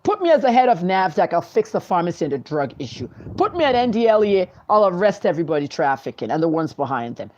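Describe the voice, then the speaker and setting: A woman with a US East Coast accent delivers pointed, declamatory commentary to her viewers, her voice pitched low. She talks with sweeping, forceful conviction. The sound is dull and lo-fi. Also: big pitch swings, quick pace, hardly any pauses. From Nigeria. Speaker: journalist and commentator. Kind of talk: opinionated talk to viewers.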